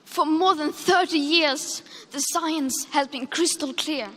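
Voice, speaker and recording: A woman's voice: sits high, slow pace, fairly bright tone, in a large hall, a little hiss or hum. A young woman giving a formal speech in an accusing, emotional manner. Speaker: climate activist giving a speech.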